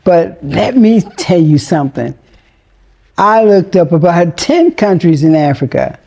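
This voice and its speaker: A woman's voice: on the low side, very animated, unhurried, warm tone, highs cut off. A woman host giving a rambling, chatty commentary monologue with exclamations and asides.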